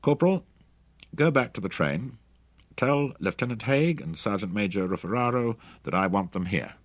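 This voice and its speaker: A man voicing a grim male officer who speaks in a calm, measured, cold way. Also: on the low side, no room sound, pitched above the performer's own voice. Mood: commanding.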